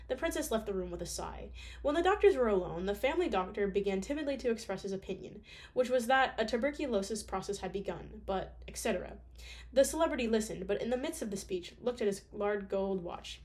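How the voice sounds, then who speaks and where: A woman's voice: medium pitch, animated, a little fast, darkish tone. A woman reading a classic novel aloud in a casual way, with joking asides, occasional stumbles and a sick voice. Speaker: audiobook reader.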